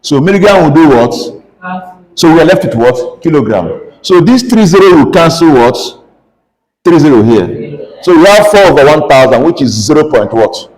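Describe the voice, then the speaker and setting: A man with a Nigerian English accent teaches a pharmacy calculation lesson, pitching his voice somewhat high. He keeps asking the class "what?" to have them finish each step aloud. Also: very animated, moderate pace, a little mellow, rough recording. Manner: call-and-response questioning, asks "what?" constantly. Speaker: pharmacy lecturer. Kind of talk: classroom lecture.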